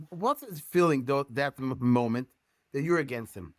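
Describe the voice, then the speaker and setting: Earnest rabbi, Hebrew-native, halting English. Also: male voice, medium pitch, expressive, no echo, studio quality. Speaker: guest rabbi and educator. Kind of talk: podcast discussion.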